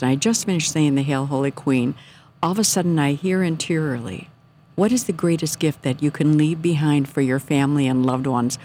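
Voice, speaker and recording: A middle-aged woman telling a personal faith story in casual, earnest talk, animated when she quotes her own thoughts. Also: low voice, slight background noise.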